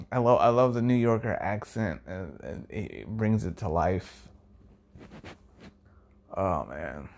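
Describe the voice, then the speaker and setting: A man hosts his own podcast, musing casually and with enthusiasm in a rambling way that often trails off and sometimes sinks to a near-whisper. His voice is on the low side, with vocal fry and a darkish tone.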